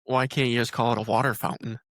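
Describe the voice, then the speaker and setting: A man's voice: mid-range voice, little pitch movement, quick pace, no echo, studio quality. A man from northern Iowa hosting a podcast, teasing his guest in a joking, casual chat. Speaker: podcast host.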